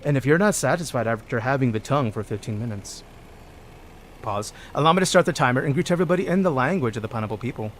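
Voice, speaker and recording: A man's voice: mid-range voice, fast, slight background noise. A man streaming a video game, chatting casually with his viewers, joking, humming to himself and reading out chat messages. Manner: chatty and joking, greets chat, hums and yells when excited. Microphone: desk microphone.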